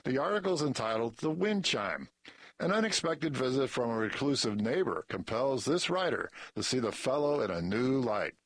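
A man reading newspaper articles and a short story aloud in a measured, even delivery. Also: mid-range voice, husky, no echo. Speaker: news article reader.

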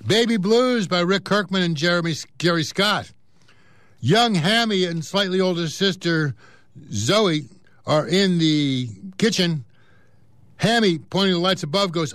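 Male reader of news and comic strips, casual, with offhand asides, higher voice, dry close sound. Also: animated, a little slow, fairly bright tone, dry recording. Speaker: newspaper reader. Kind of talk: reading news and comics aloud.

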